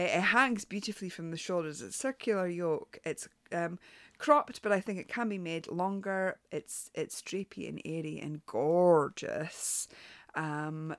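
A woman's voice: lowish voice, fairly bright tone, dry recording, clean studio sound. A woman hosting a knitting show, reviewing patterns in a chatty, frank way, full of ums and restarts. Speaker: knitting podcast host. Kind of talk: casual spoken review.

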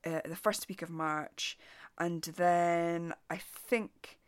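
A woman's voice: lowish voice, fairly even intonation, slow pace, clean tone, dry recording. A woman with a mild Shetland Scottish accent hosting a knitting podcast in a chatty, rambling way. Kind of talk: casual solo podcast.

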